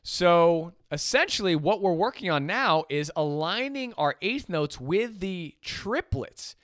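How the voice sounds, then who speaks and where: A man teaching jazz piano in a relaxed, chatty way, counting beats aloud as he plays. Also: high-pitched, measured pace, dry recording, clean studio sound. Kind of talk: casual instructional talk. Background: piano playing and metronome clicks.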